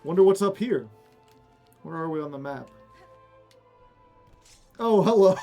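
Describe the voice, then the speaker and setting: Higher-voiced man streaming a game. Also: animated, takes it slowly, pauses often, mellow, faint music behind. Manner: jokey, banters at game characters. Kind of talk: casual gameplay commentary.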